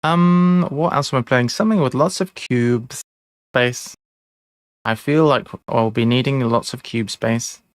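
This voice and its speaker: A man's voice: medium pitch, unhurried, dry recording, studio quality. A man streaming a board game live, chatting casually, rambling and laughing at his own mistakes. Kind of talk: casual live-stream chat while playing.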